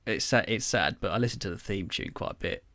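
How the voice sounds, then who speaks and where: A young man with a lowish voice chats loosely on a podcast, stringing thoughts together with lots of fillers and offhand swearing. The sound is close and dry, with no room around it. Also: quick pace, a bit bright, no room sound. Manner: rambling storyteller, filler-heavy, swears casually. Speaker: podcast co-host. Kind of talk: casual chat.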